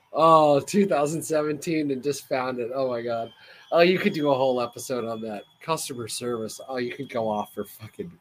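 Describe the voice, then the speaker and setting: A man hosting a podcast in casual chat, laughing often, swearing freely and getting excitable. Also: mid-range voice. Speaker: podcast host.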